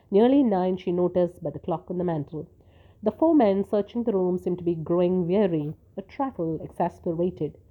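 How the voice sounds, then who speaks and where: Woman narrator, low voice, measured story reading, tinny phone-like sound. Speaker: story reader.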